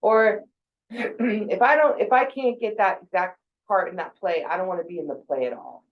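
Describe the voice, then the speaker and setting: A woman's voice: mid-range voice, moderate pace, dull audio. A woman in her forties giving a casual, conversational talk about thinking habits, with fillers and quoted asides. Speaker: speaker on mental health.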